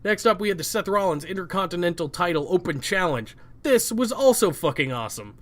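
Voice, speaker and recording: A male podcast co-host in casual chat, running through a wrestling recap with blunt, profane quick verdicts. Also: high voice, expressive, fairly bright tone.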